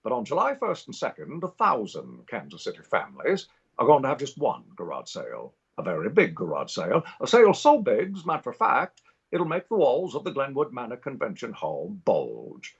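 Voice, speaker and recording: A man's voice: mid-range voice, huge pitch swings, fairly quick, vocal fry, breathy edge, heavily acted. A man voicing a folksy elderly New England man in his seventies who reads a charity sale ad, on a dull lo-fi recording. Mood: folksy pitch. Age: 70s.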